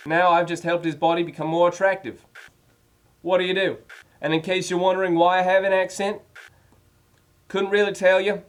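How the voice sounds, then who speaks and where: A pompous, self-assured male voice from inside someone's head, put on by a man, taking over a vlog with a put-on Australian accent. He lectures in a matter-of-fact, know-it-all way, sitting a little high in pitch. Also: lightly acted. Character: male voice in a head, smug self-appointed host. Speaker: stand-in vlog host. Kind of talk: scripted comic monologue.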